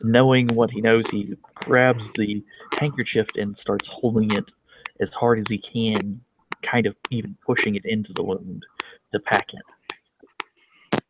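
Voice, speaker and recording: A man playing a tabletop roleplaying game, describing what his character does in a relaxed way. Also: on the low side, unhurried, noisy background. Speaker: player.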